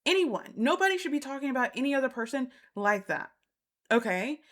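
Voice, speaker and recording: A woman with a somewhat high voice runs a casual recap chat, speaking bluntly and with exasperation. She hammers her points home by saying them again and again. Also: sing-song, a little fast. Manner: emphatic, repeats points for stress. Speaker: reality TV recap host. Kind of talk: casual opinionated commentary.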